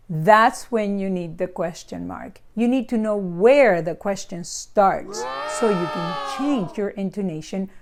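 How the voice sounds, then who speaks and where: A woman teaching in a lively, playful way, spelling things out slowly with examples. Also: mid-range voice. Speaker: Spanish teacher. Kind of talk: scripted video lesson.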